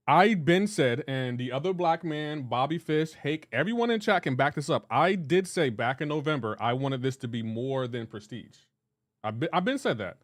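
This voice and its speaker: Young male gamer-streamer, slightly high voice, playful trash-talking banter. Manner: teasing, banter-heavy, breaks into laughter. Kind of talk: casual live-stream chat, reading chat aloud.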